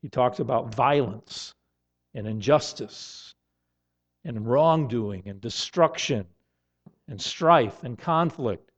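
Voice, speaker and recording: A man preaching a sermon in an earnest tone, now and then rising to loud, emphatic outbursts. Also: medium pitch, slow pace. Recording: dull lo-fi sound.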